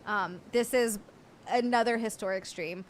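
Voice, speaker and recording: A woman's voice: mid-range voice, unhurried, a little hiss or hum. A young woman hosting a live stream, chatting giddily and effusively thanking her viewers. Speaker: livestream host. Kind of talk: casual live stream chat.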